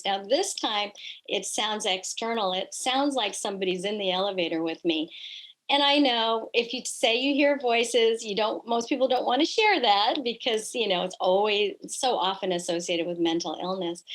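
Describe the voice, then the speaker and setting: A middle-aged woman telling personal stories in an earnest, reflective way, often pausing on fillers as a guest in a conversation. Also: medium pitch, fairly bright tone, low-quality recording.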